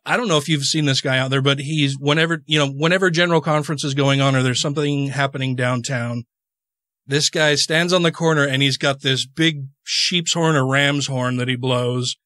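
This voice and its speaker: A man hosting a podcast, telling a story in a casual, animated way in a studio. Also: a little high, dry recording. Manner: animated, conversational. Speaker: podcast host.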